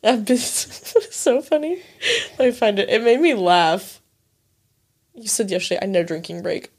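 A woman co-hosts a casual podcast chat, teasing and laughing often. Her voice is high and swings widely in pitch, with a husky, breathy edge. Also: animated, measured pace, darkish tone. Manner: teasing, laughs often, reads texts aloud. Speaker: podcast co-host.

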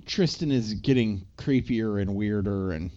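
A man's voice: fairly low pitch, unhurried, mellow. Casual rambling man recapping a movie. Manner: rambling plot recap with filler words. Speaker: podcast co-host recapping a movie. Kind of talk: casual chat. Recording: slightly dull lo-fi audio.

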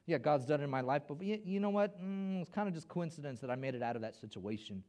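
A man acting out a discouraged, doubting believer in a sermon, muttering in a resigned, lowered voice. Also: lively intonation, fast, darkish tone, close to an everyday voice. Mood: dismissive.

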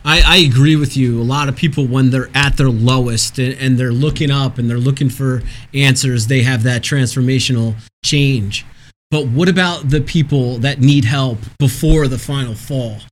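A man's voice: mid-range voice, moderate pace. A man hosting a podcast who agrees with his guest and asks a thoughtful follow-up question. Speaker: podcast host. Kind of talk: interview questions.

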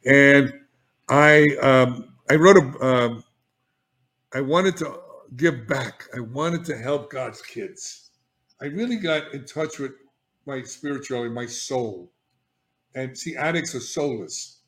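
Older male guest, candid storyteller, emphatic with many restarts, mid pitch, roomy echo. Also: takes it slowly. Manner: animated and emphatic, frequent restarts and "all right?" check-ins. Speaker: guest, addiction therapist. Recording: echoey room.

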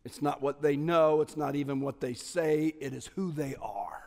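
A man preaching a sermon as pastor, stressing key words loudly and dropping to quiet asides. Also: fairly high pitch, fairly even intonation, moderate pace, in a large hall. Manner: emphatic, swings between loud stresses and quiet asides.

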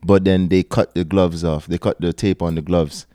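A man's voice: deep voice, steady tone, normal speed, warm tone, dry recording, clean studio sound. A man in a casual podcast chat, speaking emphatically and giving strong opinions.

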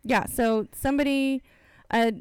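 A woman's voice: high voice, steady tone, a little slow, darkish tone, clear, resonant tone, no room sound. A young adult woman, co-hosting a podcast and telling a story in casual chat, acting out the quotes. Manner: chatty storyteller, acts out quotes. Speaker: podcast co-host.

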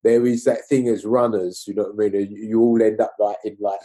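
Speaking a little quickly in a low, warm and level voice, a middle-aged man from a film crew gives a casual interview. He talks loosely and adds "you know what I mean" after almost every point.

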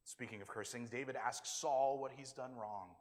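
A man's voice: medium pitch, normal speed. A male pastor preaching a sermon in a conversational way, acting out the quoted lines with his own voice. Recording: long hall reverb.

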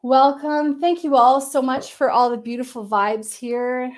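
A woman working as a medium, giving a gentle, meandering psychic reading on a live stream, with many fillers and hedges. She speaks into a computer. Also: high voice, steady tone, unhurried.

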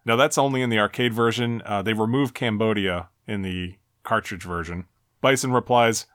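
A man's voice: brisk, no room sound, studio quality. A man co-hosting a casual chat, recounting video game ending scenes and acting out the quoted lines. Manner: animated storyteller, acts out quoted lines in shifting pitch. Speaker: podcast co-host.

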